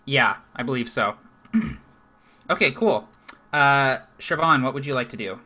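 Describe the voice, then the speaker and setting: A man running a live online tabletop game as game master, laughing easily and explaining rules in a relaxed way. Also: mid-range voice, a little slow.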